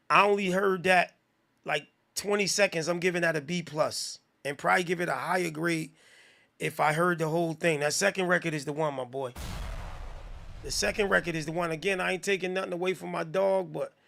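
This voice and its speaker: A man hosting a live music review stream, talking in a slangy, profane, rambling way and giving shout-outs to viewers. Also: high voice, creaky. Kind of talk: casual live-stream commentary.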